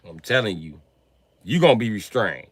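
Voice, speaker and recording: A man's voice: lowish voice, sing-song, normal speed, husky, dry recording. A man doing a profane, mocking comedy rant on a live stream, often laughing as he talks.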